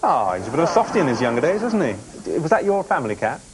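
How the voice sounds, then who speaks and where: A man's voice: medium pitch, sing-song, fast talker, a crowd in the background, poor audio. A man hosting a TV quiz show in a studio, bantering and teasing the contestants between questions. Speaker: game show host.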